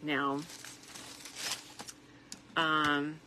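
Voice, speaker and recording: A tired middle-aged woman chatting softly and reflectively as she makes a wreath, with plenty of fillers along the way. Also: deep voice, level tone, drawn-out words, background noise. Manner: soft-spoken and reflective, with frequent fillers. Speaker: craft vlogger. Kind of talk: casual crafting chat.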